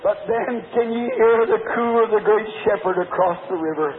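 A man's voice: high voice, normal speed, hardly any pauses, slight background noise. A middle-aged man preaching an altar call in a large church, pleading in a rhythmic, repetitive way. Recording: tinny lo-fi old sermon tape.

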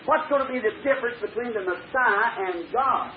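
A man with a high voice delivers a folksy storytelling sermon, speaking plainly and colloquially. The recording is old and thin, narrow like a telephone line. A faint hiss runs underneath. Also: a little fast, hardly any pauses, reverberant. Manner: plain-spoken, colloquial, acts out dialogue. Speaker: preacher.

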